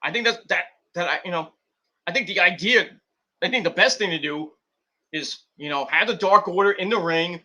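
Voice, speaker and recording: A young man hosting a wrestling stream, rambling in casual commentary and acting out scenes with quick put-on voices. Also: sits high, bright, forceful tone, a little hiss or hum.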